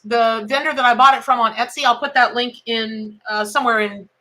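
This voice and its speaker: A woman's voice: on the high side, fairly even intonation, brisk, pushed and bright. A middle-aged woman, hosting a casual live-stream tarot reading in a chatty, exclamatory, folksy way.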